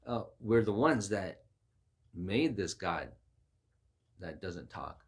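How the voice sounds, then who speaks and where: Man preaching, low husky voice, lots of stuttered restarts and big jumps up in pitch. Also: animated, slow. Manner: emphatic, repeats words, voice rises sharply on quoted lines. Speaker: Christian preacher. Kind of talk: informal sermon-style talk.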